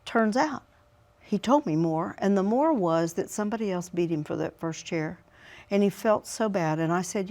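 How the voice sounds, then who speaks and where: A middle-aged woman talks as a relationship expert in a relaxed interview. She illustrates her points with stories and voices both sides of the remembered conversations. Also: medium pitch, moderate pace. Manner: acts out both sides of dialogues when telling stories.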